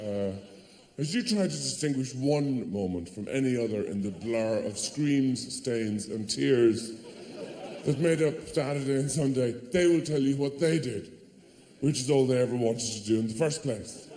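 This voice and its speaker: A man's voice: mid-range voice, moderate pace, warm tone, a little hiss or hum. A man doing a stand-up comedy routine on stage, rambling and digressive with lots of hesitant fillers. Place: theatre stage before a live audience. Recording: roomy hall reverb, faint audience ambience.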